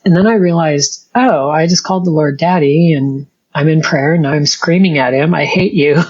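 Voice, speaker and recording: A middle-aged woman shares her personal testimony as an interview guest, earnest and halting, often restarting her sentences. Her voice is husky and breathy, and it comes through a dull, muffled recording. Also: low-pitched, a little mellow.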